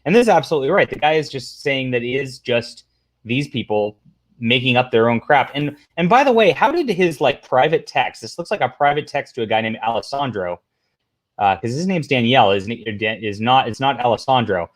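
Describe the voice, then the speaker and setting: Man, livestream host, casual rambling commentary, sarcastic asides, mid-pitched voice. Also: lively intonation, brisk. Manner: rambling, talks to chat, reads posts aloud.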